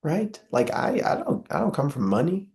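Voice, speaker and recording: A man's voice: fairly high pitch, very animated, moderate pace, darkish tone. A young man, speaking as an interview guest in an earnest, preacherly way with many filler "uh"s. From Southern US. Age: young adult. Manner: impassioned, preacherly, frequent filler "uh".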